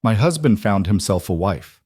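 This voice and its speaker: A man's voice: lowish voice, a little fast, no echo, studio quality. A man voicing a determined young frontier woman who speaks steadily and defiantly. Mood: firm. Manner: steady, firm, quietly defiant.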